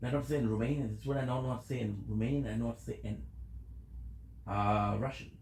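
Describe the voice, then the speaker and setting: A man's voice: medium pitch, fairly even intonation, quick pace, darkish tone, reverberant, slight background noise. A tired man chatting casually with his viewers while streaming a game, rambling and answering questions from chat.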